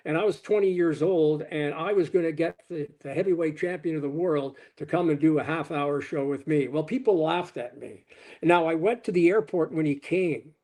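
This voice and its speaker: Older male guest, high-pitched, animated storyteller. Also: moderate pace. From Canada. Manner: animated anecdote teller, quoting people in his stories. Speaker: sportscaster guest. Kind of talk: storytelling in an interview.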